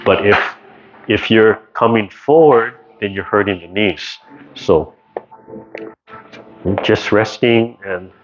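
A man teaching tai chi over a video call, relaxed and rambling, checking in with "right?" often. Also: fairly low pitch, slow pace, long pauses. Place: community class, indoors. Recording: dull lo-fi video call audio with faint noise.

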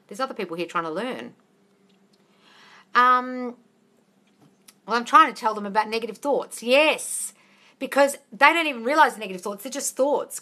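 A woman's voice: mid-range voice, sharp tone. An Australian woman hosting a casual live Q&A as a manifesting coach, blunt and sweary, calling everyone darling.

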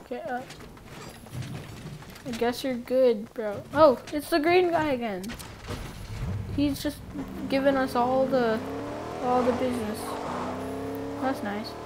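Gaming creator, woman, high voice, easygoing pace, excitable play-by-play over noisy game sound. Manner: excitable, quick exclamations. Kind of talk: playful gameplay commentary.

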